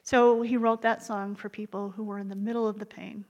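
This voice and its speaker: A woman's voice: mid-range voice, little pitch movement, fairly quick, a little mellow, in a large hall, muffled recording. A woman leading a devotional book study, retelling stories in a conversational way with wry asides. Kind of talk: conversational storytelling.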